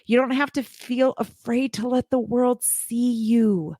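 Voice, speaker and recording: A woman's voice: on the high side, fairly even intonation, unhurried, dark tone, no room sound. Earnest woman in her 40s, emotional heart-to-heart live talk, keeps repeating for emphasis, dry close mic. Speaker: podcast host and child care business coach.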